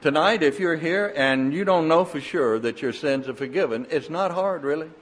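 An older man preaching a sermon, telling folksy stories in an animated, emphatic way. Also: fairly high pitch, moderate pace.

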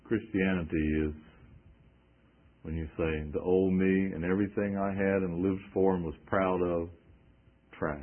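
A man's voice: deep voice, phone-quality sound. A male preacher giving an emphatic sermon, quoting scripture and asking rhetorical questions.

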